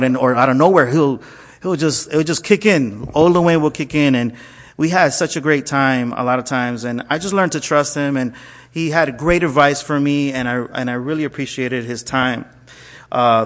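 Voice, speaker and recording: A man, a pastor, telling a personal story to his listeners, acting out the dialogue and checking in with frequent asides. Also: a little high. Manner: animated storyteller, acts out quoted dialogue, frequent "okay?" asides.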